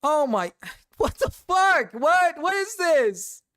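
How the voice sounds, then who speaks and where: A male streamer giving casual reaction commentary. His voice is high and bright, and he breaks into loud, incredulous outbursts. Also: very animated, takes it slowly, no echo, clean studio sound.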